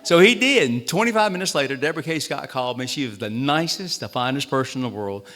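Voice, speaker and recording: A man with a Southern accent, the state treasurer, tells animated, self-deprecating tales at a town hall, speaking quickly in a sharp, medium-pitched tone. The hall adds long reverb, and there's a little hiss or hum.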